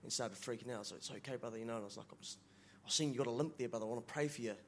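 A man's voice: mid-range voice, very fast, slight background noise. A man from the congregation, telling a story in a chatty, laughing way. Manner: chatty, laughing, says brother a lot. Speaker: church member asking a question. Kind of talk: casual storytelling.

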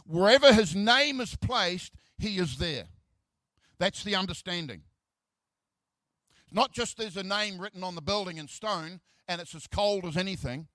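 High-voiced middle-aged pastor preaching, dry sound. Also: male voice, expressive, unhurried, pushed and bright, dry recording. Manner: repeats words, joking asides. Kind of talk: sermon with scripture reading.

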